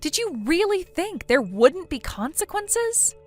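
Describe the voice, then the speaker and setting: A woman's voice: very high-pitched, sing-song, a little slow, faint music behind, heavily acted. A synthetic woman's voice playing a blunt young woman who lectures her friend sternly in a text-message story. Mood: scolding. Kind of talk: text-to-speech text story narration.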